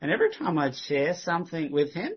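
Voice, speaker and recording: A man recounting to his church a Bible discussion he had, telling it in a lively way and acting out what the other man said. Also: on the high side, a little fast, husky, highs cut off. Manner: lively retelling that mimics the other man's lines. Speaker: church member recounting a witnessing conversation. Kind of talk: storytelling testimony to a congregation.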